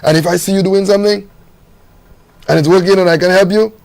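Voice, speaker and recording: A man talking as a guest on a talk show, animated and earnest as he makes his point. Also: high-pitched, vocal fry. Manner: animated, preachy, fast-talking. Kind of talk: casual conversation.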